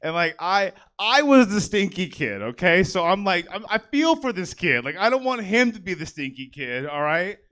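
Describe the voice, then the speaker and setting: A man's voice: sits high, big pitch swings, moderate pace, hardly any pauses, sharp tone. A young man performing a stand-up set on a comedy theater stage. He chats with the crowd and talks with lots of fillers and a self-deprecating manner.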